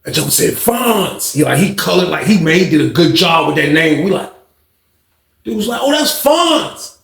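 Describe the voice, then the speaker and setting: Gravelly man spinning a rambling story. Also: on the high side, fairly quick, reverberant. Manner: slangy, rambling, acts out shouts. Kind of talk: casual storytime.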